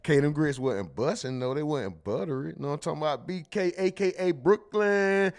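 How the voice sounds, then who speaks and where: A man's voice: a little high, moderate pace. Slangy man hosting a livestream. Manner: slangy, reads chat comments aloud. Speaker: livestream host. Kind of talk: casual livestream chat.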